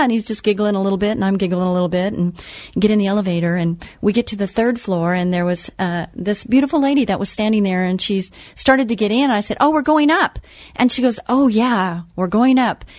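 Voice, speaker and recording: A woman's voice: medium pitch, a little mellow, no echo. A woman hosting a Christian radio talk show, telling a personal story in a chatty way with frequent restarts.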